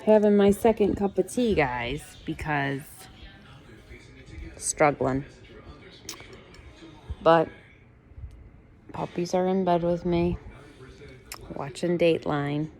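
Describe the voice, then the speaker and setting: A woman's voice: fairly low pitch, slow pace, long pauses, a little mellow, faint music behind. A woman in her late thirties talking candidly in a casual home vlog, venting her frustration. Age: late 30s. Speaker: fasting vlogger. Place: at home, in bed.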